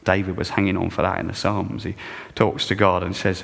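A male pastor preaching a sermon with wry, expressive delivery that swings from hushed to emphatic. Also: sits low, normal speed, vocal fry, husky, in a large hall.

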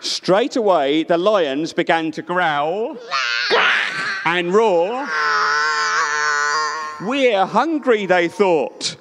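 A man telling a story to a live audience in a playful, expressive way, inviting listeners to join in. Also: sits high, extremely slow, noisy background. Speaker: children's storyteller. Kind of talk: animated storytelling with audience participation. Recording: reverberant hall.

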